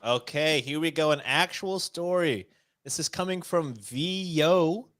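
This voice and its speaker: A man's voice: a little high, a little slow, a bit bright. A man co-hosting a live-stream podcast, reading stories aloud in a joking, self-deprecating way and laughing often. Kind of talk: casual live-stream chat.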